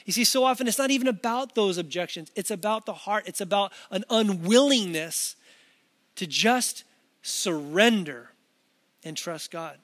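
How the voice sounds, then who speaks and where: A male pastor with a noticeably high voice, preaching to a camera in a conversational, earnest way. He often restarts his sentences and slips in casual asides. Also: lively intonation, moderate pace, a bit bright. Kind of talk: sermon delivered to a camera.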